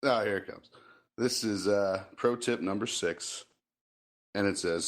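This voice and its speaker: Deep-voiced man joking crudely. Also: a little slow. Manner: crude joking, laughs often. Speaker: podcast co-host. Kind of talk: casual chat.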